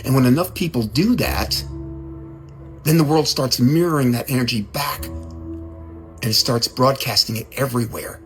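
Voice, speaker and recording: A man giving a casual, conversational sermon, animated and given to repeating his words. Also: medium pitch, normal speed, soft background music. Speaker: speaker.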